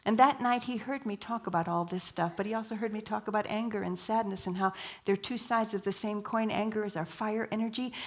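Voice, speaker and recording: A woman giving a sermon at a church, telling stories, asking the audience questions and dropping to a whisper for emphasis. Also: mid-range voice. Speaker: guest speaker.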